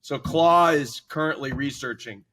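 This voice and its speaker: A man's voice: fairly high pitch, moderate pace, sharp tone. A man talking casually as a podcast guest, rambling and hesitant. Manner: rambling, hesitant, many fillers.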